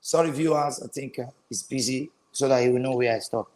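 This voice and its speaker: A man's voice: mid-range voice, a little fast, a little mellow, reverberant. A man with a Nigerian accent hosting a live political commentary stream, emphatic and repeating phrases for stress. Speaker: host of a political livestream.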